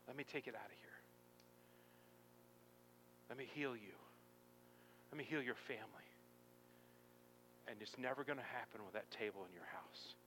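A preacher voicing Jesus, commanding. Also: male voice, very high-pitched, normal speed, bright, forceful tone, long reverb tail, slight background noise, voice pushed up, full character voice, low-quality recording. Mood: tender. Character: Jesus speaking to a believer, a commanding and tender man.

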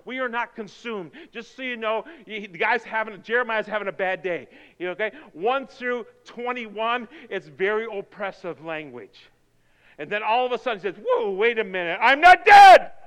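Male pastor, 50s, very high voice, excitable sermon delivery, reverberant hall. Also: dull audio. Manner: excitable, swings from loud whoops to near whispers.

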